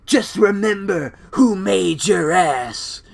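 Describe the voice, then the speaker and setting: A man's voice: high-pitched, lively intonation, takes it slowly, creaky, voice pushed up, full character voice. Man doing a snarling wrestling boss. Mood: angry. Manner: growling threats, self-described bad impression.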